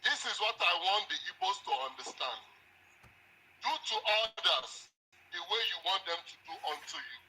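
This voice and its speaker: Nigerian caller in his 40s, lively high voice, raspy over the phone. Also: normal speed. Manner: preachy, repeats himself. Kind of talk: phone-in comment. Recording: husky phone line.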